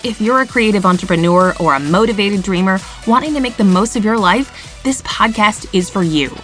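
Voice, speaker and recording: A woman announces a podcast intro with upbeat, promotional energy. Her voice sits at a middle pitch, and soft music plays quietly behind her. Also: normal speed. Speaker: show announcer. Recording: voice-over with faint music behind. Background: faint music.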